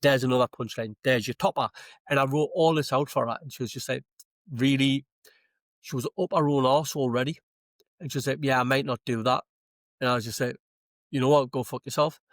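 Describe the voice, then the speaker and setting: A Geordie man, a comedian, spinning long stories on a podcast with plenty of swearing and acted-out lines. His voice sits at an ordinary middle pitch. The sound is dry and close, with no room around it. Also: a little fast, dry recording. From Newcastle, England. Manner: swearing, animated anecdotes with acted-out quotes. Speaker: stand-up comedian, podcast guest. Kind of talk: casual podcast chat, storytelling. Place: podcast studio.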